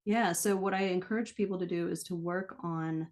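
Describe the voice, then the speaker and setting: Woman guest, slightly low voice, explanatory, keeps checking in with the listener. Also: fairly even intonation, normal speed, darkish tone. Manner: explanatory, often checks in with "right?". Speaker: guest, pronunciation coach. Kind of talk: casual interview conversation.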